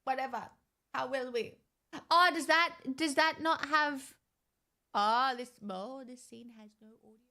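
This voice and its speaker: A woman's voice: high-pitched, measured pace, bright, forceful tone. A young woman streaming, chatting casually with her viewers in a sarcastic, bantering way. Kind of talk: casual livestream chat.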